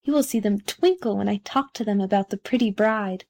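A woman's voice: mid-range voice, a little fast, lightly acted. A woman doing a cheerful little fire balloon. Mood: joyful. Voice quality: bright, gushing.

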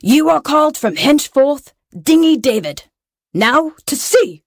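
A woman's voice: sits high, big pitch swings, measured pace, no room sound, studio quality, voice pushed up, full character voice. A woman reading aloud voicing a wicked, vain old male pirate captain who bellows and turns sly. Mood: blustering.

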